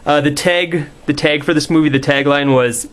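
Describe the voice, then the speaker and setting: A man's voice: on the high side, steady tone, moderate pace, smooth. A young man giving a casual, rambling movie review, full of fillers and swearing, dismissive in tone.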